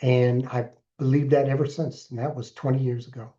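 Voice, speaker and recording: A man in his sixties speaks as a podcast guest, recounting his past earnestly and deliberately, now and then pressing hard on a word. His voice is mellow and dark. The recording is a bit dull and lo-fi. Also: medium pitch, flat delivery. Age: 60s. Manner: earnest, deliberate storytelling with emphatic bursts. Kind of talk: personal story in interview.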